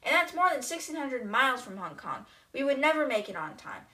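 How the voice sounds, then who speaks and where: A woman's voice: high voice, sing-song, a little fast, pushed and bright, full character voice. Woman doing a cautious old sea captain. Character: cautious male boat captain.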